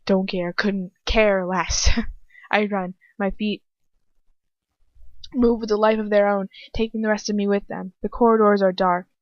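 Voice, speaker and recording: A woman's voice: medium pitch, little pitch movement, moderate pace, pauses often, no echo. Young woman reading fanfiction aloud. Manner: breaks off to comment and joke about the text. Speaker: fanfiction reader. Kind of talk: first-person story reading with asides. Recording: dry, dull home recording.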